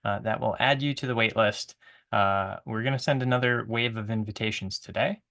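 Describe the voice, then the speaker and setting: A man's voice: lowish voice, fairly even intonation, normal speed, a bit bright. A man from the product team casually answering a viewer question on a livestream, easygoing with frequent fillers.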